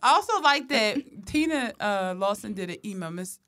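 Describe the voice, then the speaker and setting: Casting: podcast co-host, woman, casual and slangy, lots of laughter, mid-pitched voice. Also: lively intonation, normal speed, a bit bright. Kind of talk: casual chat.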